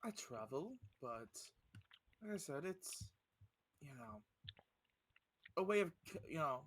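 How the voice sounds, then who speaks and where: A man voicing a polite, businesslike inspector who clears ships of vermin. He speaks in a quiet, courteous and slightly sly manner for a tabletop game. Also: on the high side, big pitch swings, slow pace, heavily acted. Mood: smooth.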